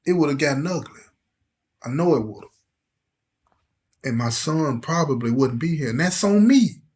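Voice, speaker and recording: A middle-aged man serving as host recounts his own life story at a normal pace in a mid-range voice. He tells it with emotion and intensity, acting out the voices of the people involved.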